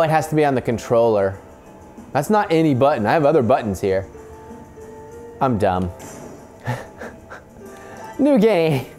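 Playful man with a lively voice. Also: mid-range voice. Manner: playful, jokey, reads on-screen text aloud. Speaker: video game channel host. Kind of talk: casual unboxing and gameplay commentary.

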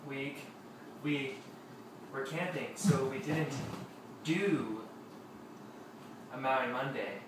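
Man, casual vlog banter, joking, camera far off, very echoey room, noisy. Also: medium pitch. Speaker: vlog co-host. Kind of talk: casual chat.

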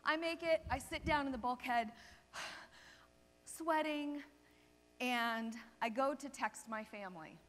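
A woman chiropractor giving a seminar talk, telling lively anecdotes and checking in with the audience. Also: sits high, slow, long pauses. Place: seminar hall stage. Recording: long reverb of a seminar hall.

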